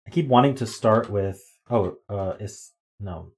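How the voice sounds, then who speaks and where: A man with a lowish voice talks slowly and unhurriedly into a desk mic. He streams live from home, thinking aloud through word puzzles, trailing off into ums as he tries words. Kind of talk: casual live-stream chat while playing word games. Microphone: desk microphone.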